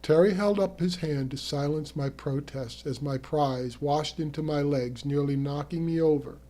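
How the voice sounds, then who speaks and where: A man's voice: on the high side, moderate pace, dark tone. A man telling a vivid first-person story as narrator of an audio tale.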